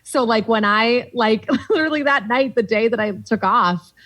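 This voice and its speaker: A young Boston woman with a Boston accent guests on a podcast as a comedian, telling lively stories in casual chat and acting out the voices of people she quotes. Her voice is a little high, her pace normal, and the recording is rough.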